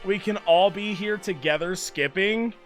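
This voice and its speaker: A young man streams a video game and talks to his chat, frantic as he swings from exasperated shouting to deflated mumbling. His voice sits high and he speaks unhurriedly, with faint music in the background.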